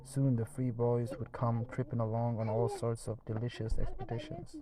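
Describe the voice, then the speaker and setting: Male audiobook reader, mid-range voice, steady unhurried storytelling, occasional stumbles. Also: medium pitch, crowd noise, low-quality recording. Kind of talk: reading a classic novel aloud.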